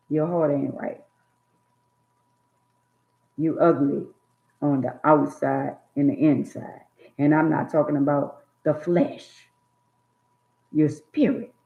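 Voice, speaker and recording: A woman's voice: sits low, vocal fry. Preachy woman, tinny echoey phone sound. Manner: emphatic, sermon-like, addresses viewers directly. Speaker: vlogger giving life advice. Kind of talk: preachy motivational monologue.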